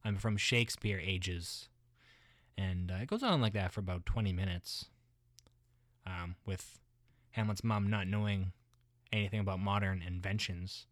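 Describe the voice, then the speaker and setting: A man playing a muddled everyday guy who rambles haltingly, full of restarts and filler words. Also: deep voice, dry recording, studio quality, close to an everyday voice.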